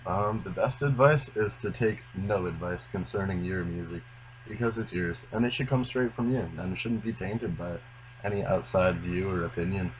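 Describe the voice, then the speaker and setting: Young man, musician guest, very low voice, earnest unhurried talk, faint hiss. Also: rough recording. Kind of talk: casual interview chat.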